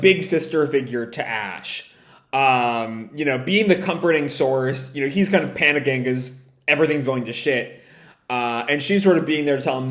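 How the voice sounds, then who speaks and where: A man casually reading a comic aloud and commenting on it, rambling and correcting himself as he goes. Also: a little high. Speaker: comic reaction host. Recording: echoey room.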